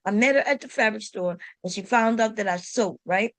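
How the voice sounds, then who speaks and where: A woman's voice: medium pitch, a little fast, fairly bright tone, no room sound. A woman hosting a sewing channel, telling a story to camera in a casual, emphatic way and talking straight to her viewers with exasperated rhetorical questions.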